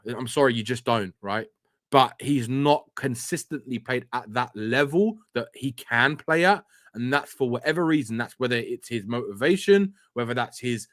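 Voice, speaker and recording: A man talking as a guest on a fan call-in show, measured and hedging, often repeating himself. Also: medium pitch, fairly bright tone, no room sound, clean studio sound. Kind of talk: casual fan call-in chat.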